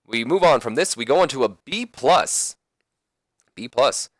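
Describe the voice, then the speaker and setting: A man's voice: medium pitch, lively intonation, a little slow, no echo. A young man giving casual, rambling commentary on a video game, often correcting himself. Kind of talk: let's play commentary.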